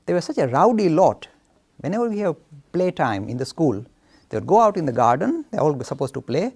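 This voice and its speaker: A man giving a storytelling lecture on Hinduism with an animated delivery, acting out voices as he speaks. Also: fairly high pitch, fairly quick, slightly rough. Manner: animated, acts out voices, chuckles.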